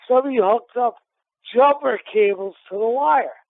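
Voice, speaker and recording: Gravelly, high-voiced man on a phone line. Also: a little slow, dry recording. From Massachusetts, USA. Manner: rambling anecdotes with many restarts and repeats. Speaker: retired boxer, guest. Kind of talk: casual storytelling interview. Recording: tinny phone line on a radio show.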